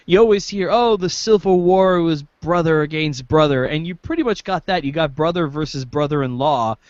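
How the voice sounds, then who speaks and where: A man's voice: fairly high pitch, no room sound. A man co-hosting a casual review podcast, talking with many ums and restarts. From northern United States. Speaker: podcast co-host. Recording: dry, muffled lo-fi mic.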